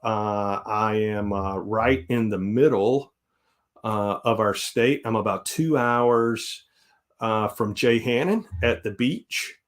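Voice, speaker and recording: A man's voice: on the low side, slow. A man in his forties with a Southern US accent, chatting casually on a live stream in an easygoing, rambling way. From South Carolina, US. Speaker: guest host.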